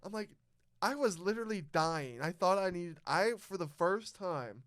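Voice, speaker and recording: A young man hosting a casual podcast, telling a story loudly with plenty of swearing. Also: high-pitched, normal speed, dry recording, studio quality. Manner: loud, swearing, animated storyteller. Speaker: podcast host. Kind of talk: casual chat.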